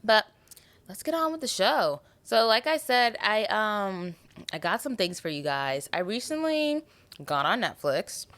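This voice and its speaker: A woman's voice: medium pitch, very animated, a little slow, a bit bright. A young woman hosting her own podcast, chatting casually and animatedly with lots of asides and fillers. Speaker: podcast host. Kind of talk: casual solo podcast chat.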